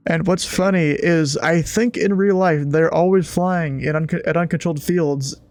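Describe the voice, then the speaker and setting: Laughing American streamer on controller duty. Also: male voice, on the high side, steady tone, normal speed, darkish tone, no echo, soft background music. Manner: laughs often, casual slang. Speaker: streamer playing air traffic controller. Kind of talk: casual stream chat with radio phraseology.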